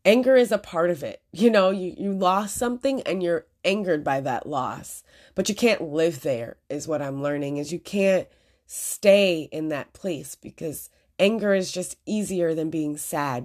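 A woman's voice: sits low, measured pace. A young woman hosting a podcast, talking earnestly through a personal reflection with frequent fillers and restarts. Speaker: podcast host.

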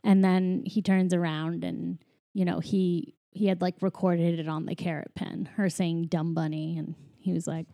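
A woman's voice: on the low side, flat delivery, moderate pace, gravelly, mellow, no echo, clean studio sound. A woman recapping a movie in a casual chat, full of "like" and "you know", often giggling.

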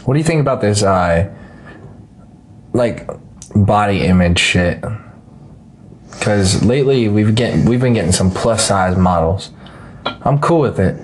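A man's voice: lowish voice, expressive, measured pace, pauses often, slight background noise. A man hosting a podcast, talking in a blunt, crude, joking way. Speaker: podcast host. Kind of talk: casual podcast chat.

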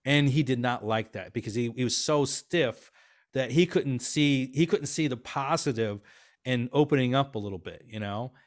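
A man as an interview guest, telling business stories in a chatty, animated way with many fillers and restarts. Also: mid-range voice, moderate pace. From half Swiss, half Filipino family. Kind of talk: casual interview talk.

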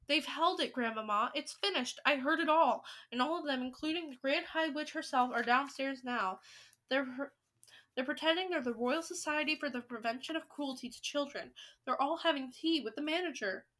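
A woman's voice: high voice, moderate pace, pushed and bright. Woman reading as an earnest young boy.

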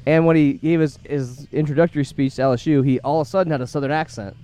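A man's voice: on the high side, fairly even intonation, quick pace, mellow, clear, resonant tone, faint music behind. A man, a podcast guest joking and laughing often in a pub. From Iowa. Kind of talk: casual banter. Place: Irish pub.

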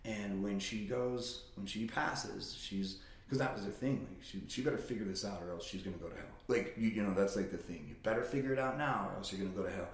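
A man casually telling stories about his childhood, swearing freely and jumping into high-pitched impressions of his relatives. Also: rapid-fire, hardly any pauses. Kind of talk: casual conversation. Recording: roomy echo.

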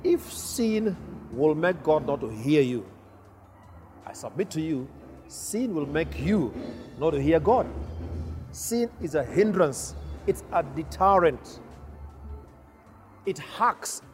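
Male preacher, middle-aged, slightly high pitch, emphatic repetition, faint music underneath. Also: big pitch swings. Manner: repeats key phrases, slow emphatic delivery. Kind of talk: sermon.

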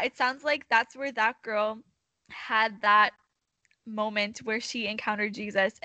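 Young woman host, bright tone, slightly high, dry sound, affirming. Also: no echo. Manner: warmly affirming, emotional, laughing. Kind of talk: casual chat.

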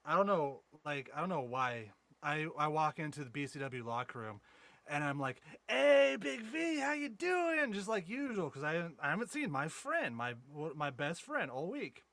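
A man's voice: a little high, animated, normal speed, bright, forceful tone. A man co-hosting a podcast, telling profane, rambling anecdotes and mocking his friends in casual banter. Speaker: podcast co-host.

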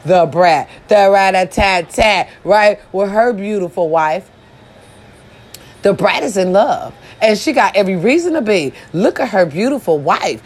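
A woman ranting casually about people online, profane and animated, often jumping to high squeals. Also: moderate pace. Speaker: social media commentator. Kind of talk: casual reaction rant.

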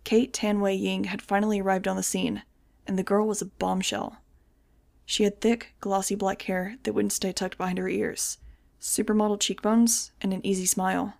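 A woman narrating a novel as a fan audiobook, in an even storytelling manner. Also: medium pitch, moderate pace, gravelly. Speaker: audiobook reader.

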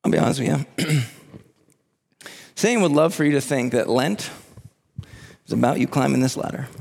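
A man preaching a sermon as pastor, building to impassioned near-shouts at the climax. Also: medium pitch, expressive, moderate pace, creaky, in a large hall.

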